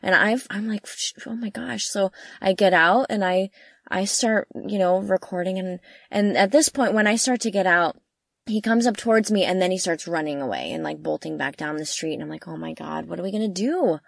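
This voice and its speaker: Young woman in a camper van telling a road trip story, chatty and excitable, dry close sound. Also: normal speed, creaky, no room sound. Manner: animated, lots of fillers, jumps high when quoting herself. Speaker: travel vlogger. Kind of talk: casual storytelling chat. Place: inside a parked camper van.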